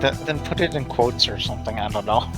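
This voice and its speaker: A man's voice: mid-range voice, quick pace. A man co-hosting a game stream with wry, teasing commentary. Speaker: co-host and commentator. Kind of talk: casual gameplay commentary. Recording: stream mic with faint game music.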